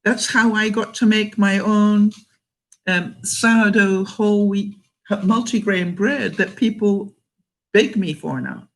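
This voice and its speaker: A woman's voice: medium pitch, slow pace, poor audio. An older woman from Canada, chatting casually on a live stream, reading out viewer comments and laughing often between thoughts. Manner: chatty and warm, laughs often, restarts sentences. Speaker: vlogger reading live chat.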